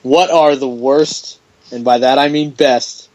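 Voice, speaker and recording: A man's voice: medium pitch, fairly even intonation, unhurried, a little mellow, low-quality recording. A man hosting a podcast in casual chat, blunt and jokey, steering the talk along. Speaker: podcast host.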